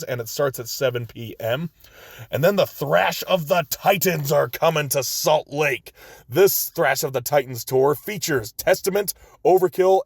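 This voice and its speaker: A man's voice: medium pitch, darkish tone, no echo. An American man hosts his podcast, listing upcoming shows in an easygoing, chatty way. He chuckles often and drifts into short asides. His mid-range voice sounds close and dry, with no room sound at all. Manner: laid-back, chuckles often, brief asides. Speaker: podcast host. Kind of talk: casual show listings.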